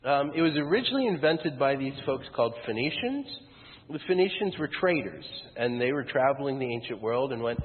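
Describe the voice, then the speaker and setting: A man's voice: medium pitch, sing-song, fairly quick. A man preaching a sermon as pastor, conversational and wry, with frequent ums. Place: church sanctuary. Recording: phone-like sound in a reverberant hall.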